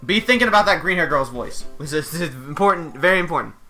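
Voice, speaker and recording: A man streaming a game playthrough, bantering and joking excitedly. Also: a little high, fast talker, faint music behind. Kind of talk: let's-play commentary.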